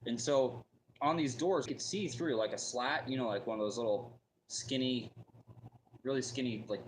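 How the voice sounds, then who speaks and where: A man's voice: medium pitch, normal speed, slight background noise, low-quality recording. Man, mid-range voice, rambling casual storyteller, lots of "like" and "you know". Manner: rambling, full of fillers and restarts.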